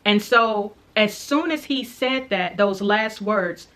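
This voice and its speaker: A woman's voice: mid-range voice, animated, fairly bright tone. A woman earnestly telling the story of a dream in a casual, reflective way, repeating key parts. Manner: earnest, reflective, recounting slowly with repetitions. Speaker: faith vlogger sharing a dream.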